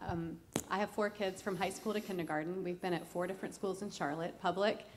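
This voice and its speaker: A woman's voice: on the low side, steady tone, a little fast, a little hiss or hum. Earnest woman asking a long question. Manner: earnest, concerned, long run-on explanation. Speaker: audience member asking a question. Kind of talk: question from the floor at a church event.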